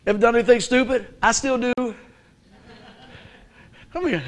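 A man's voice: very high voice, moderate pace, long pauses. A middle-aged man, a pastor preaching a sermon in a conversational, humorous way with call-and-response.

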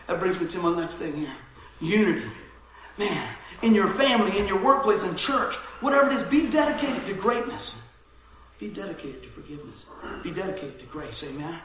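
Lively high-voiced pastor in an echoey hall. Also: male voice, a little hiss or hum. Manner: lively storytelling, swings from shouting to hushed asides. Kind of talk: sermon.

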